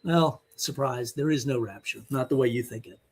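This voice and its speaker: A man's voice: medium pitch, moderate pace, breathy edge. A man giving an online teaching sermon, emphatic, blunt and scolding as he presses his point. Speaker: Bible teacher.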